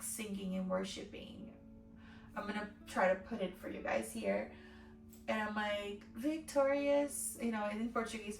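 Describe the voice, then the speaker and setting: A woman's voice: a little high, creaky, distant mic. A woman telling a personal faith testimony in a vlog, emotionally acting out what she said and thought. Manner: emotional, acts out her own quoted words. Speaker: faith vlogger. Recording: roomy echo, voice from off-mic, faint music.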